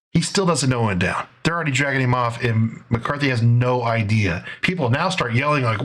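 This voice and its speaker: A man at a middle pitch hosts his own commentary show and walks through footage step by step. His delivery is sarcastic and conversational, with fillers and restarts along the way. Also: expressive, fairly quick, few pauses, a bit bright. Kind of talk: casual video commentary.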